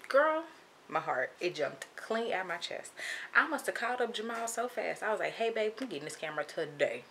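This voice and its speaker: A young woman telling a casual storytime, animated and chatty, acting out what people said. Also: fairly low pitch, a little fast, creaky, a little hiss or hum. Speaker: vlogger.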